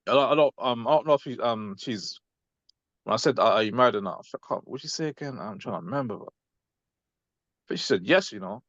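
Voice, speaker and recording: Rambling young British man, fast and lo-fi. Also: mid-range voice, expressive, a bit bright, no room sound. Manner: rambling, filler-heavy, ends lines with "innit". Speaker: class member recounting an encounter. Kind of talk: casual call chat. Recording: dull lo-fi audio.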